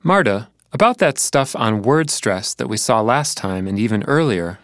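A man speaking slowly and thoughtfully in a scripted teaching dialogue, pronouncing words with care. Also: medium pitch, lively intonation, no echo, clean studio sound. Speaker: language learner in a dialogue.

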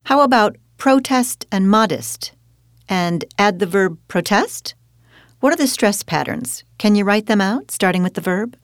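A woman guides a scripted pronunciation lesson with encouraging questions. Her intonation is lively and expressive. The recording is dry and close. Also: medium pitch, unhurried, no room sound. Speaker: teacher in a dialogue. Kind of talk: scripted teaching dialogue.

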